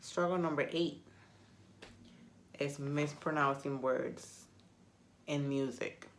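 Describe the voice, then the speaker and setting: A woman's voice: low-pitched, steady tone, takes it slowly. Chatty woman, native Spanish speaker. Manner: chatty, rambling, self-mocking. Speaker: vlogger. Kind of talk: casual chat to camera.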